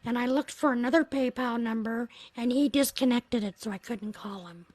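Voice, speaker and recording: Woman, livestream host, casual storytelling, earnest and reflective, slightly high voice, dry close sound. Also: normal speed, darkish tone, dry recording, poor audio.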